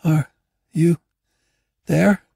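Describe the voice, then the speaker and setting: A man voicing a weak, injured young woman who talks softly and breathlessly, in a storybook reading. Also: fairly high pitch, fairly even intonation, drawn-out words, vocal fry, breathy edge, dry recording, studio quality, voice pushed up, heavily acted. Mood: faint, wondering.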